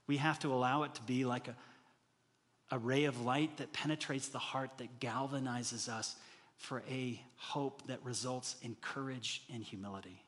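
Earnest pastor preaching in a reverberant hall. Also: male voice, medium pitch, fairly bright tone. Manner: earnest, rising to emphatic peaks, acts out inner voices. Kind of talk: sermon.

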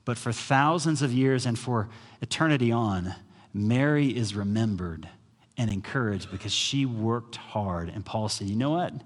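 A man's voice: medium pitch, big-room sound. A man preaching a sermon as pastor, telling stories and acting out the voices of the people in them. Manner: storytelling preacher, acts out quoted voices.

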